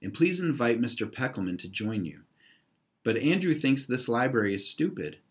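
A man voicing an eccentric, courtly older gentleman in a children's storybook, speaking formally and graciously. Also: medium pitch, big pitch swings, moderate pace, natural voice. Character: eccentric, gracious old male library owner.

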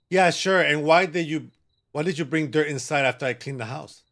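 A man's voice: on the high side, moderate pace, a bit bright. A man giving joking, sassy commentary while he plays a horror game, bantering with the characters on screen. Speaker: gaming channel host.

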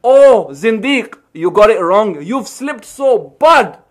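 A man with a high voice hosts a podcast. He talks in a scornful, teasing way and stresses his words. His commentary is mocking. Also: lively intonation, slow. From England. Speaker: host.

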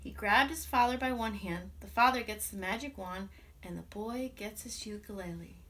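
A woman music teacher telling a children's story aloud, animated and expressive, with playful sound effects. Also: medium pitch, normal speed, slight background noise. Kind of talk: storytelling to children with ukulele song.

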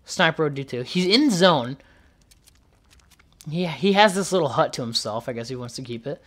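A man giving casual, chatty commentary on gameplay, excitedly calling out moves and tossing in "dude" and "bro.". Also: on the high side, normal speed. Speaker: gaming YouTuber.

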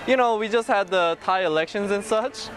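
A man's voice: sits high, fairly quick, a bit bright, soft background music. A man chatting casually as a vlogger in a supermarket, playful and laughing often. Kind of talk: casual vlog chat. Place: supermarket, indoors. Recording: noisy store background.

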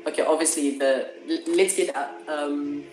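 A South African man chats over a video call, drifting and hesitating as he searches for words. His voice sits in an echoey room, with music playing clearly behind him. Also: on the high side, steady tone, normal speed. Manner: rambling, hesitant, lots of fillers and laughs. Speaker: chat partner. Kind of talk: casual video chat.

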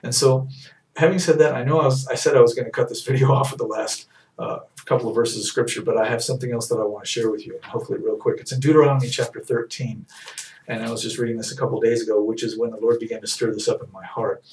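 A male preacher delivers a fervent sermon in a medium-pitched voice. He repeats himself as he presses his points, swinging from loud emphatic peaks to low, quiet stretches. His voice sits back from the mic in an echoey room. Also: steady tone, quick pace, recorded from a distance.

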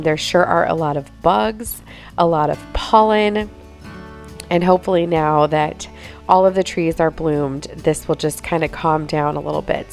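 Gravelly, stuffy-nosed woman vlogging. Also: on the low side. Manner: upbeat, chatty, with fillers. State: stuffy, nasal from pollen. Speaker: home vlogger. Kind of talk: chatty voice-over narration.

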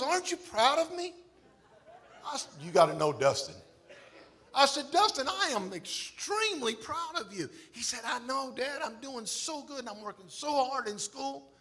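A middle-aged male pastor preaching a sermon in a church, emphatic with shouts and exclamations. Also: very high-pitched, sing-song, moderate pace. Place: church sanctuary.

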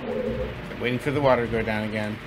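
Over game music, a male gaming channel host talks through a playthrough, brisk and fairly low-pitched with fairly even intonation. His chatty, self-deprecating commentary includes laughing at his own mistakes, and there's background noise.

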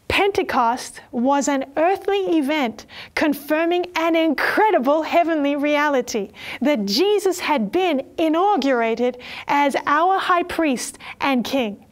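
A woman preaching a sermon, reading scripture and telling stories in an earnest, expressive way. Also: sits high.

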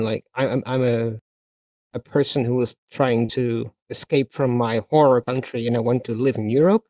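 A man co-hosting a casual chat, blunt and exasperated, with a mellow, dark voice. The sound is dry and slightly dull, as if from a lo-fi mic. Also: mid-range voice, moderate pace, dry recording. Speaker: co-host.

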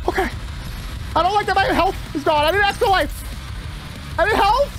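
High-pitched excitable man gaming. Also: fast, long pauses, slight background noise. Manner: excitable, talks to himself, yelps when panicked. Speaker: gaming channel host. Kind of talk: live gameplay commentary.

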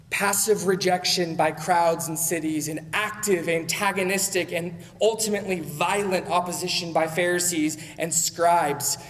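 High-voiced male pastor preaching. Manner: conversational preaching with frequent "right?" asides. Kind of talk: sermon. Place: church sanctuary. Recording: long church hall reverb.

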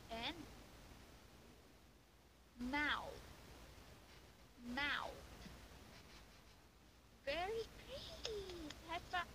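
A young woman teaching English online, giving a child a demo lesson with slow, exaggerated, sing-song praise. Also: high-pitched. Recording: hissy home recording.

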